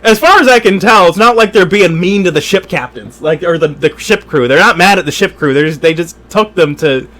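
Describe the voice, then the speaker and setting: A man's voice: sits high, lively intonation, fairly quick, few pauses, a bit bright. A man co-hosting a comedy podcast, rambling and restarting in casual chat. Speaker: podcast co-host.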